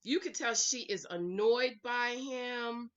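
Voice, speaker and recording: A woman's voice: a little high, slow pace, fairly bright tone, muffled recording. A woman recording a casual, sassy recap vlog at home, chatting to her viewers and calling them y'all, honey and girl. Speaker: reality TV recap vlogger.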